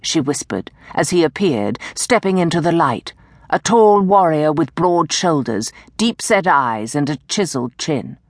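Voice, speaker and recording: A woman with a fairly low voice tells the story slowly and dramatically, sinking into hushed tones when characters whisper. Her reading swings widely in pitch. The recording is close-miked and dry, with no room sound around her. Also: expressive, dry recording. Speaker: audiobook narrator. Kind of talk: scripted narration of a historical romance. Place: recording booth. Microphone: close studio mic.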